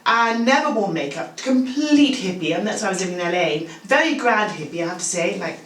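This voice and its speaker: A woman in her sixties, a make-up artist, chatting and telling animated stories full of asides as a guest. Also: medium pitch, a little fast. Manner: animated anecdotal storytelling, full of asides like "you know" and "okay?". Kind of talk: casual chat. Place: home bathroom. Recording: roomy, distant-sounding, faint room noise.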